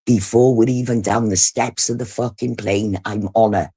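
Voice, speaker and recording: A woman's voice: extremely low pitch, normal speed, slightly rough. A middle-aged woman from the UK, hosting a livestream and telling a story bluntly, swearing heavily. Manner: blunt, heavy swearing, animated retelling. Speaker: livestream host. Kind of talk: casual storytelling.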